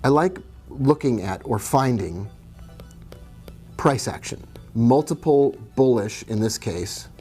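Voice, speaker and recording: A man of middle pitch hosts a live trading stream in a relaxed, chatty way. He greets viewers by name and answers their questions as he talks through the charts. Soft music plays faintly in the background. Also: slow pace, long pauses.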